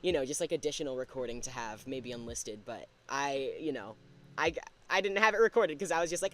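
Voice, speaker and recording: A man's voice: mid-range voice, animated, a little fast, a bit bright. A man chatting casually on a livestream while drawing, thinking aloud and laughing at himself. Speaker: streamer.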